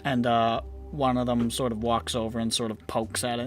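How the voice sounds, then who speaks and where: A man's voice: medium pitch, moderate pace, soft background music. A man narrating as game master in a casual tabletop session with friends. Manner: lively, voices city guards with shouting.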